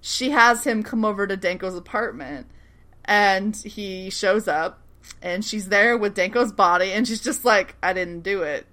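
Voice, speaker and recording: A woman's voice: mid-range voice, unhurried, pushed and bright. A young woman co-hosting a casual recap podcast, laughing often and acting out characters' lines as she retells scenes. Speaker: podcast co-host recapping a TV series. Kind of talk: casual chat.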